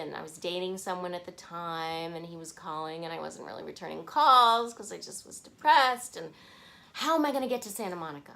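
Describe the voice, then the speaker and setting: A woman's voice: on the low side, fairly quick, creaky, pushed and bright. A woman vlogger telling a personal story to the camera, acting out the people she quotes.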